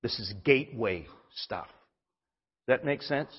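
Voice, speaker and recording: A man preaching a sermon with emphatic force, often backing up and restarting his sentences. His voice is husky and slightly breathy. The recording is dull and carries a long hall reverb. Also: mid-range voice, lively intonation, slow. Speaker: pastor. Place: church hall.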